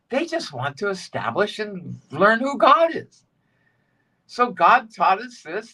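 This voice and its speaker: A man gives a casual spiritual talk with a lively, swooping delivery. His tone is bright and forceful, and he hammers home his points by repeating short phrases. He sits a bit back from the mic. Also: sits high, far from the mic. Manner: animated, preachy, repeats short phrases for emphasis. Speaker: spiritual guide and co-host.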